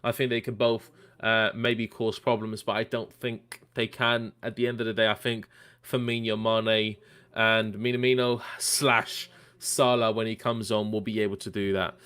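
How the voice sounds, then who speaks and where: A man's voice: lowish voice, little pitch movement, moderate pace, fairly bright tone, smooth. A man hosting a football watchalong live stream, chatting casually and reading out viewer comments with lots of fillers. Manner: chatty, many fillers, reads out names and predictions. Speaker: livestream watchalong host.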